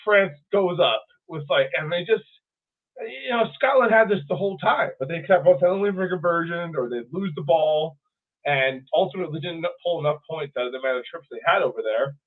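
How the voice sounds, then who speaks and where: A man co-hosting a podcast, chatting casually and profanely about sports in an animated way. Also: on the high side, fairly quick. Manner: animated, profane, mimics players in funny voices. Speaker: podcast co-host. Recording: tinny phone-like audio.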